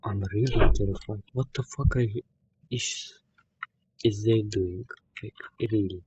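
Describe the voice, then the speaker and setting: A man's voice: on the low side, fairly even intonation, measured pace, warm tone, a little hiss or hum. A man talking casually while playing a video game, swearing often and speaking in loose, non-native phrasing. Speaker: gamer. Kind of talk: casual gameplay commentary. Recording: dull lo-fi game capture.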